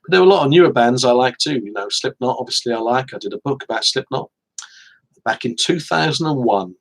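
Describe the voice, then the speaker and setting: A man's voice: medium pitch, expressive, brisk, vocal fry, a bit bright, rough recording. An English man in his forties, an author hosting a casual live stream, chatting in a rambling, self-deprecating way with frequent restarts.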